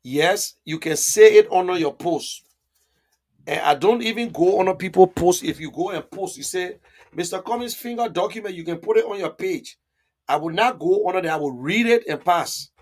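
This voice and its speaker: A man hosts a political live stream and talks back to viewer comments. He argues hard and repeats himself for emphasis, and his voice sits fairly high for a man. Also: moderate pace, a little mellow. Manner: emphatic, repetitive, argumentative.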